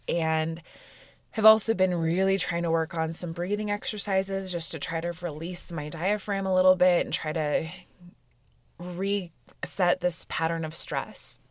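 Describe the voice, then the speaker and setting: A woman with a fairly low voice hosts a reflective solo podcast. She speaks candidly and meanders through her thoughts, with frequent fillers. The sound is close and dry. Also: fairly even intonation, unhurried, dry recording. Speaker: podcast host. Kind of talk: reflective personal podcast monologue.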